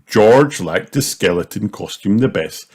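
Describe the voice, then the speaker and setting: A man reading a children's storybook aloud as narrator, slow, clear and expressive. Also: lowish voice. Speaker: storybook reader. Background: soft music.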